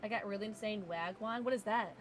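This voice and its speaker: A woman's voice: mid-range voice, fast talker, faint music behind. A young woman streaming a game, chatty and giggly, chatting with her viewers and sometimes trying on silly accents. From Southern US. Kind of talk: live gameplay commentary.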